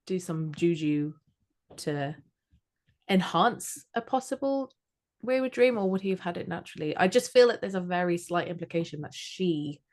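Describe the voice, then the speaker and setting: A low-voiced woman co-hosting a fan podcast in casual chat. She rambles excitedly, doubling back and restarting her sentences as ideas tumble out. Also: moderate pace. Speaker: podcast co-host.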